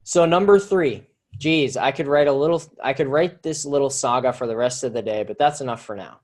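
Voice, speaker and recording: A man's voice: medium pitch, brisk. A man with a mid-range voice teaches copywriting in a live online session. He talks with energy and in a casual way, often restarting and repeating phrases. He sounds like he is at a desk mic by his computer. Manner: energetic, conversational, repeats himself. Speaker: marketing teacher.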